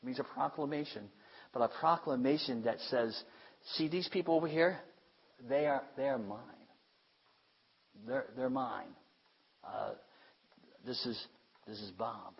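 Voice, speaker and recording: A man preaching a sermon with emphasis, repeating phrases and swinging between loud declarations and hushed asides. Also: mid-range voice, measured pace, vocal fry, long pauses, slightly rough, dull audio.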